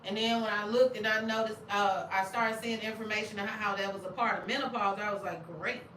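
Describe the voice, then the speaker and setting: A middle-aged woman from Arkansas, hosting a casual chat, animated and laughing often with loud exclamations. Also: medium pitch, fairly quick, a little hiss or hum. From Arkansas, USA. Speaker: channel host. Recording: roomy sound, distant from mic.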